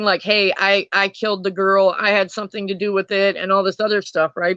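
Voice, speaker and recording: A woman's voice: medium pitch, fairly bright tone, no echo, lo-fi sound. A woman telling a true crime story in a casual, chatty way, swearing freely and talking to her viewers.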